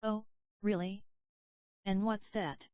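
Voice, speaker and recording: A woman's voice: lowish voice, a little slow, no room sound, natural voice. A woman voicing a cryptic, taunting masked male slasher killer in a storybook reading, on a dull, dry lo-fi recording.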